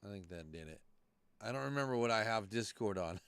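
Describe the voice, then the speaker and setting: A man's voice: lowish voice, expressive, a little fast, fairly bright tone, smooth, dry recording. Profane, rambling podcast host man. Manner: loose and profane, rambling through tech troubles. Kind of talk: casual live-stream chat.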